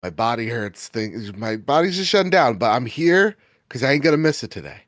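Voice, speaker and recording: A man's voice: mid-range voice, sing-song, fairly quick, fairly bright tone, no echo, studio quality. A tired man from New Jersey chatting casually as a podcast panelist, in a laid-back, rambling way. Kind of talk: casual chat.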